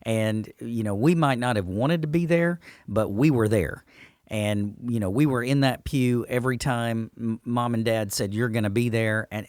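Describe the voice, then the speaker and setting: A man's voice: medium pitch, no echo, studio quality. A man, a pastor, talking earnestly and with emphasis in a church podcast discussion.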